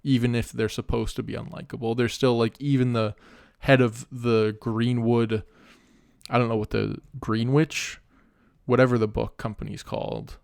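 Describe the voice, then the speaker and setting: A young man with a gravelly edge to his voice trades blunt, profane teasing on a podcast. He talks into earbud headphones, and the sound is dry and close. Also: mid-range voice, little pitch movement, normal speed, darkish tone, no echo. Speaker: podcast co-host. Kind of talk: casual chat.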